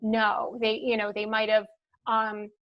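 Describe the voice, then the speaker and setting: A woman's voice: mid-range voice, monotone, unhurried, muffled recording. A woman from the Philadelphia suburbs with a light Philadelphia accent, chatting as a podcast guest and thinking aloud with many fillers. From Philadelphia suburbs, USA. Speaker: guest, marketing leader. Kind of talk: casual podcast conversation.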